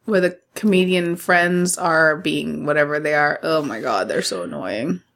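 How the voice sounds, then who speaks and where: Hoarse woman co-hosting a podcast. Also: sits low, a little slow, a bit bright. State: hoarse from laryngitis. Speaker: podcast co-host. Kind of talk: casual movie review chat.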